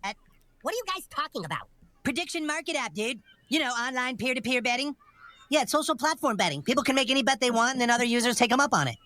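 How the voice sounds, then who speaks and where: Fast-talking cartoon schoolboy. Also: male voice, very high-pitched, lively intonation, bright, forceful tone, no room sound, heavily acted. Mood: breezy. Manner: casual, breezy explaining. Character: laid-back schoolboy, chatty and smug. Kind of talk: cartoon voice acting.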